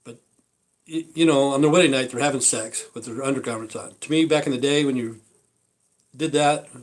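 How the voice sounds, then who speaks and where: A man's voice: medium pitch, normal speed, poor audio. A man talking casually on a live stream over lunch, rambling with many fillers and asides. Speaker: vlogger.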